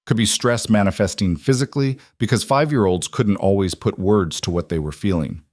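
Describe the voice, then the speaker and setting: A male storyteller reading a scripted family drama in a measured, even voice. His pitch sits on the low side, and the recording is dry and close with no room echo. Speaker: narrator.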